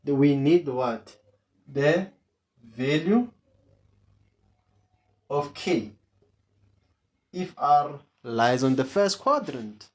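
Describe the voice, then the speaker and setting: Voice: mid-range voice, lively intonation, drawn-out words, pauses often. A maths tutor, teaching an online lesson and repeating each question to coax answers from students.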